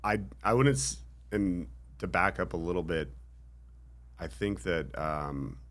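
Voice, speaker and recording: A man's voice: sits low, expressive, measured pace, fairly bright tone. A man being interviewed on a podcast, speaking modestly and thoughtfully with frequent ums. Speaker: interview guest. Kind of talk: casual interview chat.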